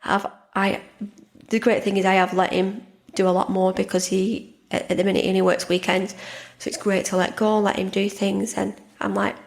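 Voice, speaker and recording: A woman hosting a podcast, talking casually and warmly about her own life, often repeating words and restarting sentences. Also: medium pitch, level tone, normal speed, creaky. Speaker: podcast host and life coach. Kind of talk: casual monologue.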